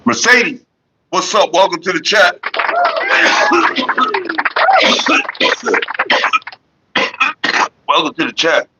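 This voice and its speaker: Slightly high and animated, the man's voice is pushed and bright at a normal speed, with a touch of hiss or hum. He hosts a casual livestream on a headset mic, laid-back, rambling and cursing as he greets the chat, in somewhat dull lo-fi quality.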